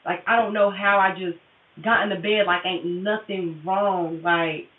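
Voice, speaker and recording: A woman's voice: on the low side, fairly even intonation, measured pace. A woman livestreaming a tarot session, talking candidly and profanely straight to her viewers in casual chat. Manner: candid, profane, confessional, addresses viewers directly. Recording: tinny phone-like audio, roomy and distant.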